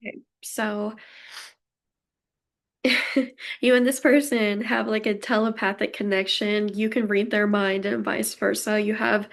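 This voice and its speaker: A woman's voice: medium pitch, fairly even intonation, measured pace, creaky. A young woman giving a pick-a-card tarot reading, emotional and gushing as she talks straight to her viewers. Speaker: tarot reader.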